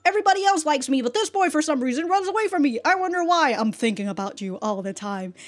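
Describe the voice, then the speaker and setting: A woman's voice: high-pitched, animated, quick pace, pitched above the performer's own voice. A woman voicing a lovestruck teenage girl, gushing in a sing-song way.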